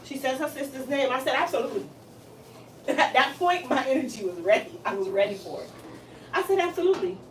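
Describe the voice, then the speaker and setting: This salon owner and hairstylist has a high voice and a brisk delivery. Telling a story in casual conversation, she lively plays out the characters' lines and breaks into frequent laughter, captured off mic from a distance in a roomy space with faint hiss.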